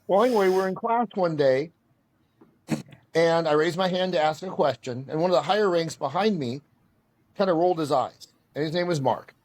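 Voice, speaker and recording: A man telling stories as a podcast guest, animated and self-deprecating as he talks about his karate training. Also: a little high, normal speed. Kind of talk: storytelling in casual conversation.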